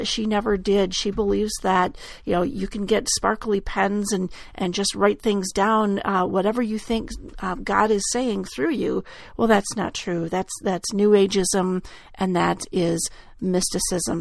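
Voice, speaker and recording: A woman giving critical commentary in a measured, deliberate way with frequent hesitations. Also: medium pitch, vocal fry, no echo.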